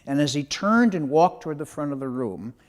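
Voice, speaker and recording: Older male author, memoir storytelling; animated delivery, moderate pitch with a wide, lively range. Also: brisk.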